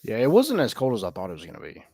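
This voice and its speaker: A man co-hosting a podcast, giving sports news in a relaxed, casual way with many fillers. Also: on the low side, very fast, slightly rough, no room sound, clean studio sound. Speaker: podcast co-host.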